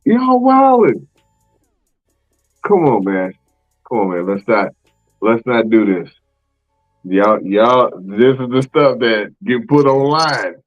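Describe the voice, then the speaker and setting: A man hosting a podcast in casual chat, animated and slangy, exclaiming and laughing often. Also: lowish voice, slow pace, muffled recording, soft background music. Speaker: podcast host.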